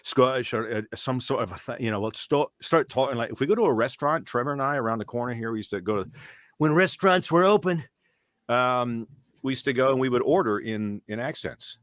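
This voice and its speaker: A man being interviewed about his voice-acting work, telling lively stories and dropping into voices now and then. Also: medium pitch, fairly quick, no echo, studio quality. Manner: animated storyteller, slips into character voices. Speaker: voice actor guest. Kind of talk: casual interview.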